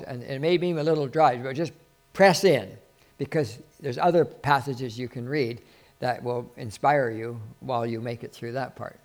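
Pastor, male, mid-pitched, earnest and rambling small-group preaching, hushes for quoted prayers. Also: fairly even intonation, moderate pace. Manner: rambling and earnest, with many restarts, dropping to a soft voice for quoted prayers. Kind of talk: informal sermon to a small group.

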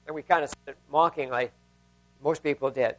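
High-voiced man preaching a sermon. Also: steady tone, a little fast. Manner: conversational, with anecdotes, repeats and restarts. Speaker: pastor.

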